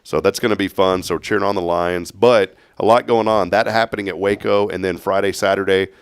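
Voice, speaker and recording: A man's voice: low voice, steady tone, a little fast, smooth, no room sound, clean studio sound. A man hosting a local morning talk show, chatting and joking with a guest. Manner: jokey, upbeat sign-offs. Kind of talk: casual chat.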